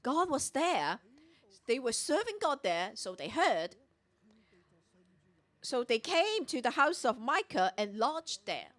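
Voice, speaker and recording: At a morning prayer meeting, a woman preaches a Bible teaching sermon, working through a passage verse by verse and voicing the characters' dialogue as she retells the scripture. Her voice sits high with big pitch swings and a fairly bright tone. She speaks slowly, leaving long pauses.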